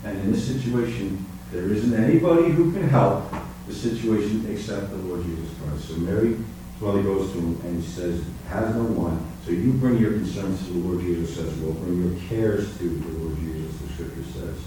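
Male preacher, sermon delivery, quiet then soaring emphasis, distant mic in a very echoey hall. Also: moderate pace, background noise. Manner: swings from soft, low musings to high, emphatic preaching.

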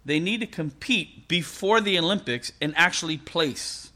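A man's voice: a little high, lively intonation, moderate pace, sharp tone. A middle-aged man preaching a sermon as a pastor, in a conversational storytelling manner with frequent laughs.

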